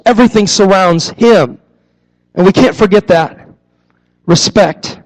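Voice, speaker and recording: A young man with a strikingly high voice preaches a sermon. He repeats his key phrases to drive them home and slips into animated, acted-out voices when he tells a story. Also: measured pace, low-quality recording. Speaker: youth pastor.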